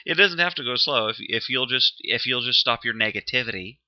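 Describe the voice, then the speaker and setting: A man's voice: medium pitch, expressive, a little fast. A man co-hosting a casual chat show, telling a story, laughing often and getting defensive when teased. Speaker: podcast co-host. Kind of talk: casual banter. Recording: dull lo-fi sound.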